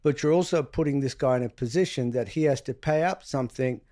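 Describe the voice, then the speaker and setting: Man, interview guest, blunt, swears freely, acts out dialogue, keeps saying "right?", middle pitch. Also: fast talker, dark tone. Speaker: guest, private investigator. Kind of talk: casual storytelling interview.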